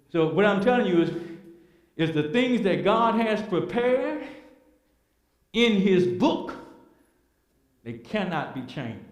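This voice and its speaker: Emphatic man preaching in an echoey hall. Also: high-pitched. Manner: emphatic, building repetition, rhetorical questions. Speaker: Bible class teacher. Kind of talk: preaching Bible lesson. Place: church hall.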